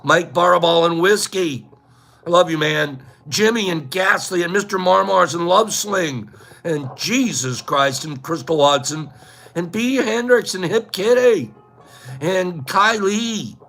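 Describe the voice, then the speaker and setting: A man hosting a casual livestream, playfully rambling through shout-outs to viewers by name. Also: high voice, animated, measured pace, gravelly. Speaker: livestream host. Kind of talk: casual livestream chat, reading out viewer names.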